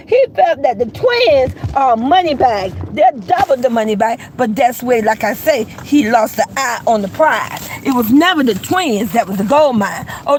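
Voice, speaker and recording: A high-pitched woman delivering gossip commentary in a blunt, swear-heavy rant. She keeps repeating herself, calls people names and fires off rhetorical questions. A faint hiss sits under her voice. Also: darkish tone, poor audio. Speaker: gossip commentary channel host. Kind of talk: profane opinion commentary.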